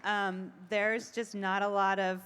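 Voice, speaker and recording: A woman's voice: mid-range voice, little pitch movement, slow, fairly bright tone, clear, resonant tone. A woman being interviewed, telling stories in a chatty way with frequent ums and laughs. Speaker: event organizer. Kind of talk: casual interview.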